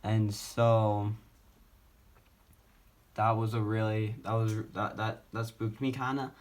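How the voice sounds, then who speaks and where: A teenage boy tells his own story into the camera from home, in a wheelchair. His voice sits low and he talks slowly. He rambles casually, with lots of fillers and false starts. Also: flat delivery. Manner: rambling, halting, many fillers and restarts. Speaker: vlogger.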